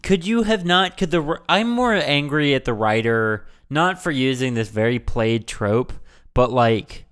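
A man with a smooth, clear voice chats casually on a movie podcast. He turns sarcastic and profane, working up into rants about what annoyed him. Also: medium pitch, lively intonation, measured pace, a bit bright. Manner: sarcastic, swears freely, ranting. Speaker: podcast co-host.

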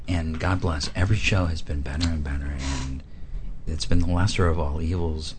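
A man co-hosting a casual talk show, rambling and playful as he pitches a product and tells stories. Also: steady tone, fairly quick. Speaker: co-host. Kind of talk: casual radio-style chat. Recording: noticeable background noise.

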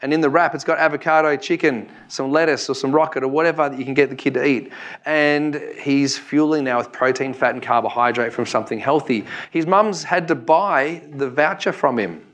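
A man's voice: fairly high pitch, a bit bright. An Australian man in his forties giving a chatty live talk to an audience, joking and asking them questions. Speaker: seminar presenter.

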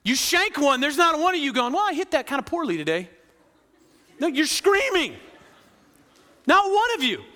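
A man preaching a lively sermon, often asking the crowd "right?" and acting out quoted voices. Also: high-pitched, in a large hall. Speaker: pastor.

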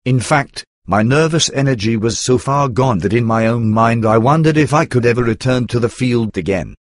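A man reading a religious testimony aloud in a steady, earnest way. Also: medium pitch, moderate pace, dry recording, studio quality. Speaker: reader. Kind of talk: scripted narration of a religious testimony.

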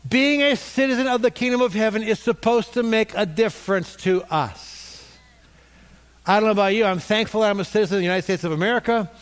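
A middle-aged male pastor preaching a conversational sermon, getting the congregation to respond. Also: sits high.

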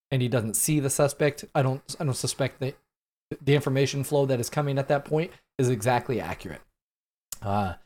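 A man in his late thirties giving solo commentary on news events, talking in an earnest, halting way with many fillers and restarts. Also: mid-range voice, darkish tone. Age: late 30s. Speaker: podcast host.

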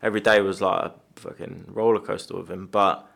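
A man's voice: fairly even intonation, fairly quick, creaky, fairly bright tone. A man, a former professional footballer, telling anecdotes in casual chat and swearing freely. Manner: anecdotal, swears freely, quotes others in lowered voice.

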